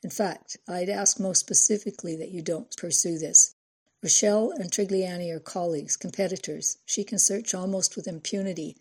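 A woman narrator voicing a calm, precise older woman who gives careful instructions. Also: lowish voice, husky. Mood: measured. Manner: measured, precise, gently authoritative.

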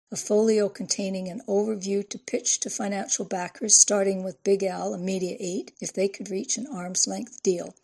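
A woman narrates a novel in a measured, even way. Her voice has a gravelly texture with a husky, breathy grain. She reads at a steady storytelling pace. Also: medium pitch. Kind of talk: audiobook narration.

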